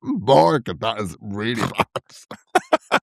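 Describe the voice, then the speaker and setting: A man co-hosting a comedy podcast, chatting casually and breaking into high laughs and mock voices. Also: wildly swooping pitch, drawn-out words, vocal fry, no echo, clean studio sound. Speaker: podcast co-host.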